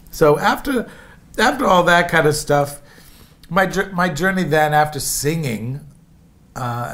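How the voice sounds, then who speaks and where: A man's voice: medium pitch, gravelly, fairly bright tone. A man from Indiana telling stories from his life in a rambling, chatty way and calling his listeners folks. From Indiana, USA. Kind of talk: casual memoir storytelling.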